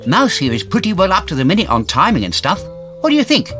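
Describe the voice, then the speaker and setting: A good-natured cartoon dog from a children's storybook, as a man voices him. He talks cheerfully in a raised, bouncy voice with lively swings, throwing in little quips. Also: high-pitched, fast talker, soft background music, voice pushed up, full character voice. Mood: kindly. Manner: cheerful, quipping. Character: kindly fussing dog, male, good-natured.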